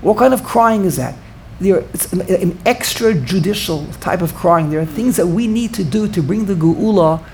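Gravelly-voiced man teaching a Torah class. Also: high-pitched, expressive, moderate pace, a little hiss or hum. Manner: thinks out loud, repeats phrases for emphasis, takes student replies. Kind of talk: informal Torah class lecture.

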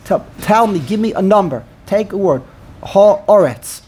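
A man's voice: sits high, expressive, moderate pace, darkish tone, husky. A man in a casual study discussion, explaining points and often repeating words as he thinks them through. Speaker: Torah study participant.

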